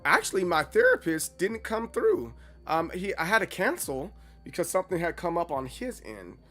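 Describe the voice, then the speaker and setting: Brief: male streamer in his thirties, lively chatty delivery, slightly raised voice, faint game music under. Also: sits high, moderate pace. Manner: chatty, animated, playfully dramatic. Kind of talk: casual livestream chat while gaming.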